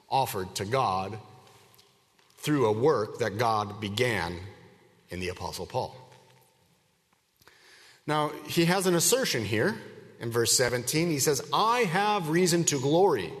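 A man preaching an expository sermon to his congregation, measured and emphatic, leaning hard on key words. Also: medium pitch. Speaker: pastor. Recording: long reverb of a hall.

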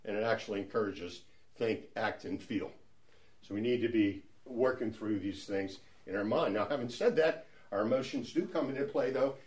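In a lowish, slightly mellow voice, a middle-aged Bible study leader teaches his church group conversationally. He is chatty, often restarting sentences and wandering into asides.

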